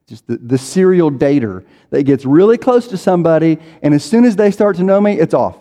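A man's voice: fairly high pitch, expressive, a little fast, few pauses, dark tone. A man preaching a sermon in a conversational way, acting out people's inner voices as he goes. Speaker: pastor. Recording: reverberant hall.

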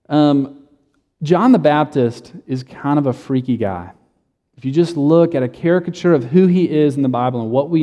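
Man, pastor, casual storyteller, mellow tone, long hall reverb. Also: mid-range voice. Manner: casual, joking, self-correcting storyteller. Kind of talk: sermon with storytelling.

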